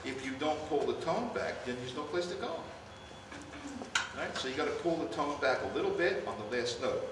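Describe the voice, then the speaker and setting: An older man conducting a band rehearsal, coaching players and calling out cues in an animated way. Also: fairly high pitch, moderate pace. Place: large rehearsal hall. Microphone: distant room mic. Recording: far-off echoey hall, noisy.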